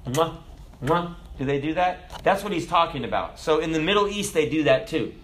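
Animated preacher with big swings. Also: male voice, a little fast. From America. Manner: animated storytelling preacher, jumps loud and high then drops soft. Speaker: pastor. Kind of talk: sermon.

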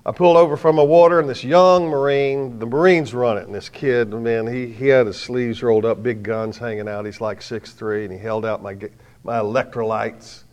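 A middle-aged man preaching a sermon to a live audience, telling stories with self-mocking humor and swinging from quiet asides to loud bursts. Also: mid-range voice, fairly even intonation, normal speed.

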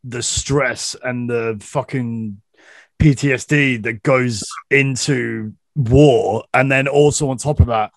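Laid-back podcast host, dry sound. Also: male voice, medium pitch, fairly even intonation, gravelly, dry recording. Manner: laid-back, sweary, quick to agree. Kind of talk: casual interview chat.

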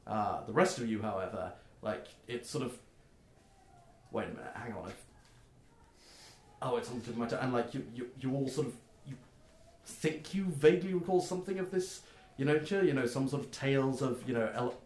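Halting man running a tabletop game. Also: medium pitch, a little hiss or hum. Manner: halting, many fillers. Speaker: game master. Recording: roomy echo.

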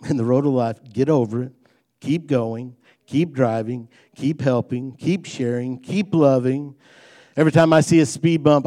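Speaking in a dark, mid-range voice, a man gives a homey, chatty sermon. He slips in light humor and presses harder as he reaches each main point, sounding like a pastor talking plainly to his church.

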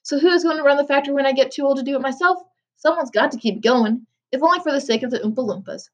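A woman reading as Willy Wonka, brisk old candy maker. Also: sits high, muffled recording, pitched above the performer's own voice, lightly acted.

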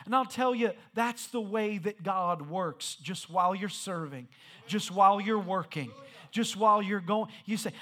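Man preaching, high voice, bright and forceful, repetitive build-ups. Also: expressive, measured pace. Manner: rhythmic repetition building to shouted peaks. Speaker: pastor. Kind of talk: sermon.

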